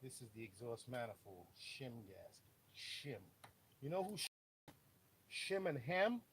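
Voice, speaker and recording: A man talking through an engine rebuild in a casual, wisecracking way, tossing in off-color jokes as he explains. His voice sits at an ordinary middle pitch, with a faint hum of noise behind him. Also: very animated, moderate pace, fairly bright tone. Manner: joking, off-color asides. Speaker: auto mechanic. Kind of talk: casual repair how-to.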